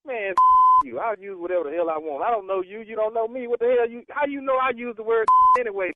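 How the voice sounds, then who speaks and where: A man's voice: high-pitched, fast talker, dry recording. A man on the phone, scoffing and mocking, laughing between his words. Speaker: prank call target. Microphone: phone line. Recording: muffled noisy phone line.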